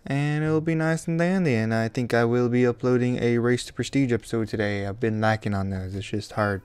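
Excitable young man narrating a game. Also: medium pitch, brisk, clean tone, no echo. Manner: excitable, swears, talks to the game. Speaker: gaming channel host. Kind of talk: casual let's-play commentary.

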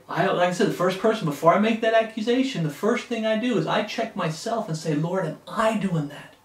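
A high-voiced man preaches with fervor, swelling into emphatic bursts. He stands back from the mic, and his words ring through a roomy, echoing space. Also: distant mic. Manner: fervent, rising to emphatic bursts. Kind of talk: sermon.

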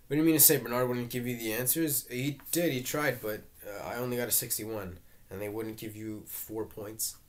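A man reading a stage play aloud, voicing every part himself and reading out the stage directions, with some halting restarts. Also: medium pitch, steady tone. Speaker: reader. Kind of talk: amateur reading of a play, all parts.

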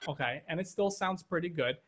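A man's voice: a little high, brisk, music in the background. A man teaching an online drum lesson, explaining patterns step by step and checking in with "okay" as he goes. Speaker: drum instructor. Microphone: video call. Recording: drums loud behind voice. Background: drum kit playing.

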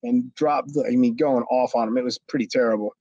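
A man's voice: mid-range voice, fairly even intonation, fairly quick, mellow, no room sound, highs cut off. A man, a former wrestler, telling a long backstage story in a rambling way with many restarts. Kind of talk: storytelling interview.

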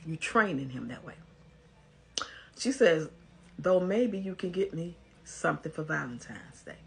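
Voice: medium pitch, lively intonation, unhurried, gravelly, breathy edge. An advice commentator, reading a post aloud and giving blunt, scolding commentary in a casual way.

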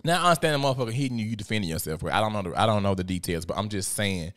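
A man, hosting a podcast in a blunt, profane, animated storytelling manner. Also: fairly low pitch, rapid-fire. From Memphis, USA. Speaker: podcast host. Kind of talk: casual podcast monologue.

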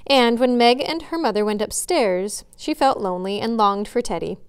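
Smooth-voiced woman reading a story aloud. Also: fairly high pitch. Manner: friendly, careful, measured. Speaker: children's librarian. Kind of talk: reading a chapter book aloud.

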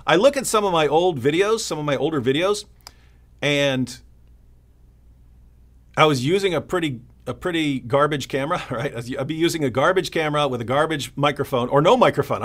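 A man co-hosting a casual live stream, telling stories with lots of energy and acting out other people's lines. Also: mid-range voice. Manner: animated storytelling, mimics opponents. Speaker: co-host.

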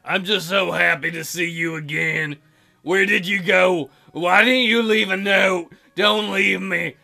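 A man's voice: high-pitched, steady tone, a little slow, vocal fry, pushed and bright, heavily acted. A man voicing a clingy, tearful young prince in a visual novel game, reading his lines in a pleading, emotional way.

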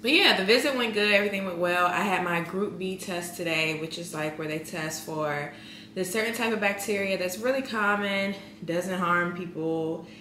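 A woman's voice: fairly low pitch, moderate pace, pushed and bright, reverberant, slight background noise. A young woman vlogging in a casual, rambling way, with a congested voice. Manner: chatty, rambling with many fillers. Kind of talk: casual vlog chat.

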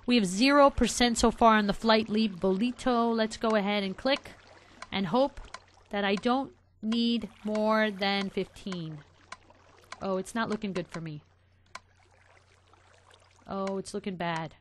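A woman hosting a game let's play, chatting casually to her viewers and getting excited easily. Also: mid-range voice, moderate pace, slight background noise. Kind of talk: casual gameplay commentary.

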